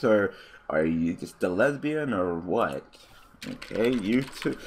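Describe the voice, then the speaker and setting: A man giving casual let's-play commentary, cursing freely and breaking into loud, excited outbursts and laughter. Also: on the low side, slow pace. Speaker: gaming commentator.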